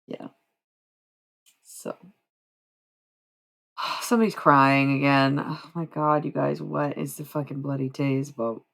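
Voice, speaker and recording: Low, gravelly woman chatting on stream. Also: fairly even intonation, slow pace, long pauses. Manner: rambling, profane, talks to chat; swings from quiet musing to loud bursts. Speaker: live streamer. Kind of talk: casual live-stream chat.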